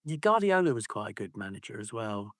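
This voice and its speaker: A man's voice: lowish voice, very animated, a little fast, a bit bright, no room sound, clean studio sound. A man co-hosting a football podcast, ranting in a casual, sweary way and slipping into mocking voices. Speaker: podcast co-host.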